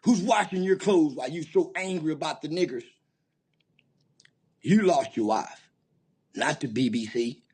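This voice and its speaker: Husky, taunting man ranting. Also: a little high, animated, measured pace, long pauses, a little mellow. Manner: profane, taunting, insulting. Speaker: commentator. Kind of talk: angry rant commentary.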